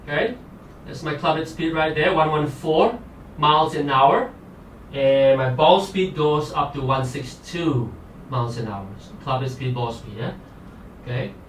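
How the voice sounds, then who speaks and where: A man's voice: fairly high pitch, unhurried, roomy sound, a little hiss or hum. A man hosting a live golf fitness show, talking energetically and motivating viewers through exercises. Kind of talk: live-streamed workout and golf tips.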